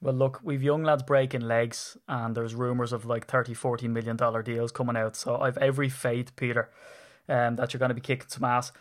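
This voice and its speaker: A man's voice: mid-range voice, flat delivery, fairly quick. Chatty Irish man hosting a podcast. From Ireland. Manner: chatty, rambling, jokey. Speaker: podcast host. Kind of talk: casual chat.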